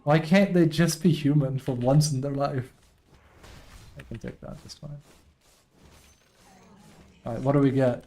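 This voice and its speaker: With a dark, mid-range voice and fairly even intonation, this streamer speaks unhurriedly with long pauses as he plays a team game. He keeps venting his frustration at a teammate, sometimes trailing off under his breath.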